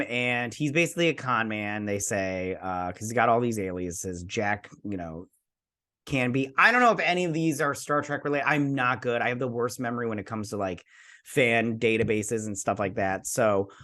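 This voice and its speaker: A man's voice: mid-range voice, normal speed, sharp tone. A man hosting a show, giving a casual spoken review of a TV episode in a rambling, chatty way, swearing now and then and briefly mimicking characters.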